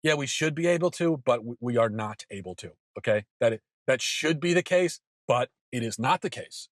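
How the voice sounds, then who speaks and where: A man in his thirties hosts his own show, delivering an emphatic opinion monologue. He repeats himself for stress and stumbles into quick restarts. His voice sits at a middle pitch, and the recording is dry and close. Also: expressive, no room sound. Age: 30s. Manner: emphatic, repetitive, stammering restarts. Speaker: podcast host.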